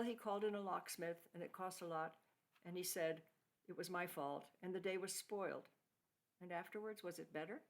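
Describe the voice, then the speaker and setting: A woman translator reading aloud from a novel over a video call, in a measured and expressive way. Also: mid-range voice.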